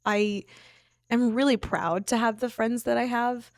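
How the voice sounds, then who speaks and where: A woman hosts a podcast from an apartment with a fairly high voice. She chats casually, bursting with excitement and then trailing off quietly. The sound is close and dry. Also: a little slow, no room sound. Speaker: podcast host. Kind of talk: casual chat between friends.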